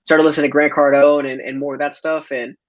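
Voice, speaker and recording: A man's voice: fairly high pitch, level tone, quick pace. A man guest telling a casual story over a call, loose and filler-heavy, laughing often. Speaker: podcast guest. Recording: dull lo-fi audio.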